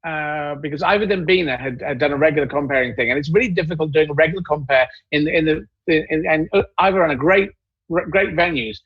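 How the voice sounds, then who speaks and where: A male comedian telling stories in a casual panel chat, rambling and halting as he goes. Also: fairly high pitch, breathy edge, dry recording, lo-fi sound.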